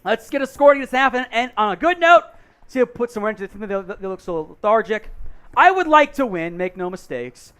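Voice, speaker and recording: A man hosting a live sports watch-along, calling plays with excited bursts between chatty asides. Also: sits high, brisk, clear, resonant tone. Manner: excited play-by-play calls mixed with chatty asides. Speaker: host.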